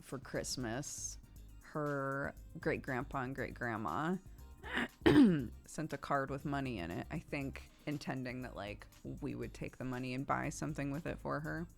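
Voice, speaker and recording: A woman's voice: extremely low pitch, measured pace, gravelly, soft background music. A woman in her thirties, streaming and chatting casually while gaming, telling stories and laughing often.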